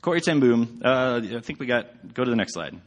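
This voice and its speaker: A man's voice: mid-range voice, sing-song, fairly quick. A man giving a casual sermon with slides, chatty and rambling, with many fillers. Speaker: church speaker.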